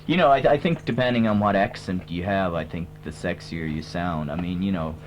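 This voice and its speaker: A man with a put-on American accent, talking as a tribute band singer in a comic radio interview. He rambles deadpan, full of hesitant fillers. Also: low voice, brisk. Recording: dull lo-fi old radio tape with hum.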